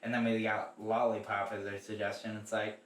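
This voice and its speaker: A man's voice: lowish voice, flat delivery, a little fast, a little hiss or hum. A young man co-hosting a podcast, chatting casually and rambling with lots of fillers. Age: young adult. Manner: rambling, filler-heavy talk with many "like"s. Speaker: podcast co-host. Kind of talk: casual chat. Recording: echoey room, mic at a distance.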